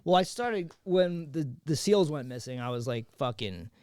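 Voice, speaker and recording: A man co-hosting a podcast, telling a history story in animated, profane, slangy casual chat. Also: a little high, normal speed, smooth, no room sound, clean studio sound. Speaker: podcast co-host.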